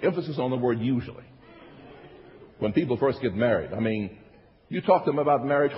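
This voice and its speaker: A man's voice: medium pitch, very animated, brisk, pauses often. A male pastor preaching a sermon to his congregation, working the room with repeated phrases and call-and-response. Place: church sanctuary. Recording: echoey church hall, dull lo-fi sound.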